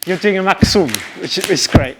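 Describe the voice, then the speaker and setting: A man's voice: sits high, moderate pace, noisy background. A man leading a live rhythm workshop, encouraging the group and vocalizing drum patterns. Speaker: music workshop leader. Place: lecture hall with a live audience.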